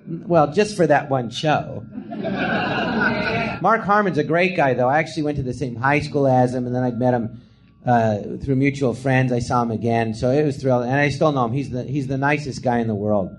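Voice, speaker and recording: A man with a medium-pitched voice, a comedian, spins loose, rambling stories on a podcast at a live theatre, with a little hiss or hum audible. He keeps it a casual storytelling chat, laughing frequently and voicing quotes.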